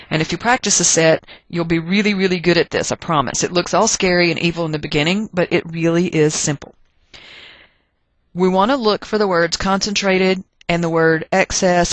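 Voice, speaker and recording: Chatty chemistry teacher thinking aloud. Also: female voice, on the low side, no room sound. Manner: chatty, thinks aloud while working problems. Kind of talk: recorded chemistry lecture.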